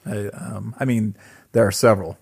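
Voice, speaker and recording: Husky, low-voiced reflective man. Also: fairly even intonation, normal speed. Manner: earnest, reflective storyteller. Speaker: podcast co-host. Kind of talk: casual chat, personal storytelling.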